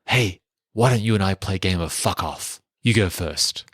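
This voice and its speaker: A man doing a gruff, guttural voice for a tough male action-hero agent, chest-out and slow. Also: low voice, a bit bright, no echo, studio quality. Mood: taunting.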